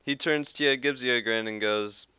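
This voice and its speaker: A man's voice: medium pitch, normal speed, sharp tone, clear, resonant tone, no echo. A young man running a tabletop game as game master, narrating loosely with lots of "like". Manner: rambling with frequent "like" fillers.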